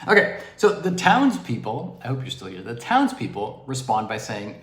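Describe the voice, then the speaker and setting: A man's voice: fairly low pitch, huge pitch swings, normal speed, roomy sound. A man giving an improvised livestream lecture on philosophy, explaining expressively with asides, from a makeshift home studio. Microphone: device camera propped on DVDs.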